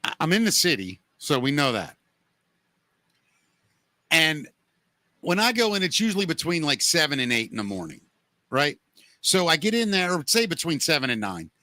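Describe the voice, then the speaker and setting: A podcast host man tells stories in a loose, rambling way, leaning on "you know" again and again. His voice sits high and sounds bright and forward. The sound is dry and close. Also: very animated, normal speed, long pauses, no room sound. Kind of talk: casual chat, storytelling.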